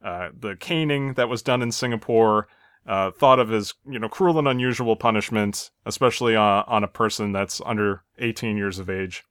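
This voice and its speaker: A man's voice: fairly low pitch, moderate pace, a bit bright, clear, resonant tone, no room sound. Guy hosting a podcast, walks thru the plot bit by bit, laughs at the jokes, super dry no room sound. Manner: narrates the plot step by step, chuckling at gags. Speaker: podcast host. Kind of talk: casual episode recap chat.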